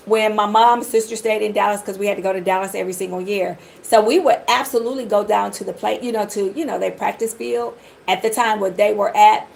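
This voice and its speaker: A woman's voice: medium pitch, fairly even intonation, brisk, creaky, a little mellow, poor audio. A middle-aged woman from the Detroit area giving a live tarot reading, chatting and rambling straight to her viewers. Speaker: tarot reader.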